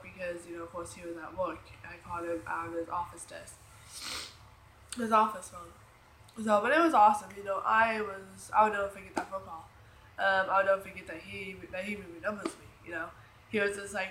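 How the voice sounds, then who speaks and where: A woman's voice: medium pitch, steady tone, brisk, a bit bright. Woman vlogger telling her story in an echoey room. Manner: rambling, emotional, many fillers and restarts. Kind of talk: casual storytelling. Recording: echoey room with faint noise.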